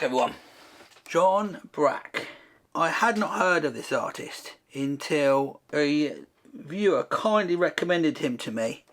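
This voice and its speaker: A man's voice: on the high side, a bit bright. Man wryly mocking his own painting. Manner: self-deprecating, wry running commentary. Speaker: host. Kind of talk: comic painting commentary.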